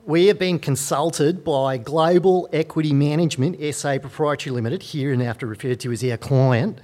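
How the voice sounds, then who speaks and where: A man doing a mock Australian accent to voice a pompous lawyer reading out a demand letter, loud and exaggerated. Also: a little high, moderate pace, voice pushed up, lightly acted. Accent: put-on Australian.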